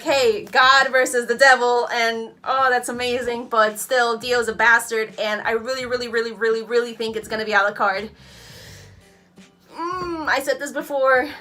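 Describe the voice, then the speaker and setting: Woman reacting to a fight video, high voice, bright tone, excitable, cheering and yelling, casual commentary. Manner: excitable, cheering, swearing, shouting at the screen.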